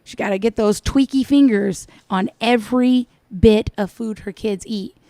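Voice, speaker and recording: Snarky female reaction commentator, higher pitch, dry close mic, scolding tone. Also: normal speed, warm tone, dry recording. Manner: sarcastic, scolding, mocking. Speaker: commentator reacting to another vlogger.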